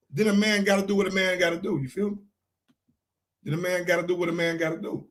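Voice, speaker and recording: Fired-up high-pitched male sports host. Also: fairly even intonation, fast talker. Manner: heated, repetitive, frequently shouting. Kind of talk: animated sports commentary.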